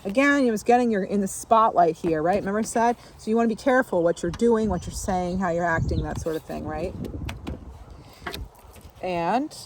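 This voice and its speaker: A woman giving a casual tarot reading, musing aloud in a relaxed way and often pausing on fillers as she takes in impressions. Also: mid-range voice, background noise. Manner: musing, intuitive, many fillers and asides. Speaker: tarot reader. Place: outdoors.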